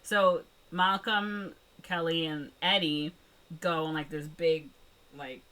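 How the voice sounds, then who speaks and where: Bright-toned woman rambling through a movie recap. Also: sits low, fairly even intonation, slow. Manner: rambling retelling full of "like" and "um". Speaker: podcast co-host. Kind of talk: casual movie recap chat.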